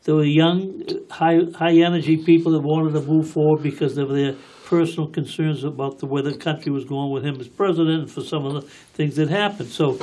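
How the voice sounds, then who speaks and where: Measured man with a slightly high voice. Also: fairly even intonation, mellow, low-quality recording. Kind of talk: casual political discussion.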